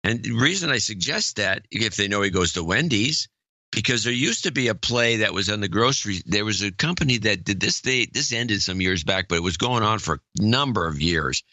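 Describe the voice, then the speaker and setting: A man's voice: on the low side, lively intonation, fairly quick, bright, forceful tone, no echo. A man from California, co-hosting a podcast, telling a long rambling story with wry asides. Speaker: podcast co-host. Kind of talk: casual chat.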